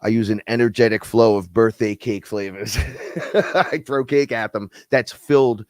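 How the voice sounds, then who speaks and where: A man with a stuffy nose co-hosting a spiritual live stream, talking in an animated, profane, rambling way and laughing often. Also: lowish voice, unhurried, dry recording, studio quality.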